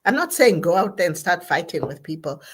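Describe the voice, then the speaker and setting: Speaking at an online event, this woman from Zambia is a therapist giving a forceful pep talk about mental health. Her fairly low voice swings widely in pitch, moves fairly quickly, and carries a breathy edge, and she stresses important words by repeating and spelling them.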